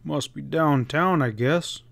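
A man voicing a tall, proud young male railroad engineer in an audiobook, terse and quick to bristle. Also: on the high side, creaky, fairly bright tone, no room sound, exaggerated voice. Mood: guarded. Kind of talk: audiobook character reading.

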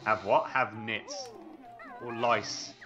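A British co-host of a let's play offers casual gaming commentary, bantering and humming or singing nonsense while playing. He speaks slowly in a lowish, steady voice, over game music in a dull, lo-fi recording.

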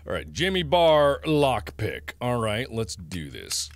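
Animated man commenting on a game. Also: mid-range voice, slow. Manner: animated, jokey, laughs often. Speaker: let's-play host. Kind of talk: casual gameplay commentary.

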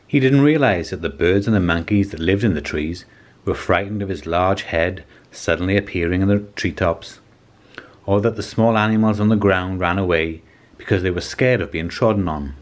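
Calm and measured, a deep-voiced man reads aloud from a children's picture book. His low voice moves at a steady pace meant for young listeners.

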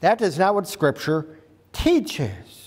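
In a church sanctuary, a pastor preaches a sermon with earnest intensity, building to emphatic climaxes. His high voice is sing-song, slow, and slightly breathy, and the church hall adds long reverb.

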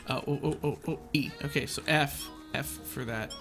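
Bright, excitable gaming host. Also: male voice, mid-range voice, moderate pace, vocal fry, faint music behind. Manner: excitable, narrates his own moves. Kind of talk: casual gameplay commentary.

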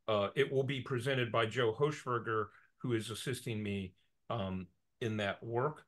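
A man's voice: mid-range voice, fairly even intonation, a little slow. A man hosting a talk series over a video call, wrapping up with loose, friendly remarks and some fillers. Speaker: host. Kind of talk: closing remarks at an online talk.

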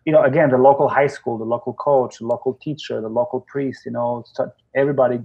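Gravelly, husky-voiced man, Albanian accent, animated guest storyteller. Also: mid-range voice, quick pace, highs cut off. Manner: animated storyteller, acts out quoted voices, laughs often. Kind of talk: casual storytelling interview.

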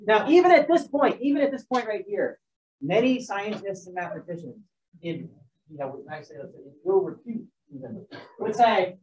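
A man teaching a math class in a casual lecture, rambling with joking asides and restarting himself as he works through sums. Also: sits high. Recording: dull, distant classroom recording.

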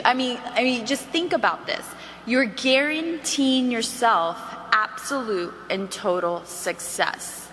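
A woman giving an energetic motivational sales training to a roomful of people, acting out phone calls as she goes. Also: medium pitch, in a large hall, a little hiss or hum. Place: meeting hall.

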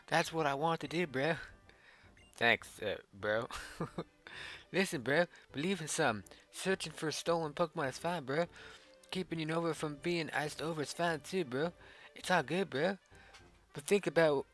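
A man's voice: fairly high pitch, normal speed, fairly bright tone, voice pushed up, close to an everyday voice. A man voicing a laid-back young guy who says bro constantly, in a put-on Newfoundland accent, reading game dialogue aloud. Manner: drawling, tacks bro onto every line.

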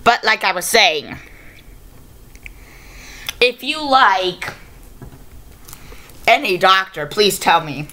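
Woman host, bright voice, rambling off-the-cuff reviewer who corrects herself mid-sentence. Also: mid-range voice, expressive, takes it slowly, long pauses. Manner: rambling, unscripted, self-correcting. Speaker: video reviewer. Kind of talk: casual improvised video review.

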